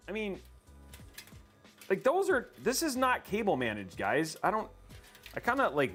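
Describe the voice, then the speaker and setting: A man's voice: on the high side, wildly swooping pitch, normal speed, a bit bright, faint music behind. A man hosting a casual livestream, chatting with viewers and laughing often while he builds a computer.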